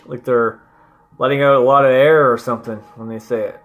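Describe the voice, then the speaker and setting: A language learner vlogger gives casual, playful commentary as he works through language app lessons, laughing at himself and slowly reading French words aloud. His voice is mid-range with fairly even intonation, and soft music plays in the background.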